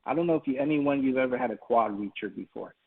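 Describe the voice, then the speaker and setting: A man with a gravelly, husky voice gives a webinar talk. He tells a personal story in a folksy way, with plenty of fillers. The audio is thin and tinny, like a phone line. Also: mid-range voice, fast. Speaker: presenter.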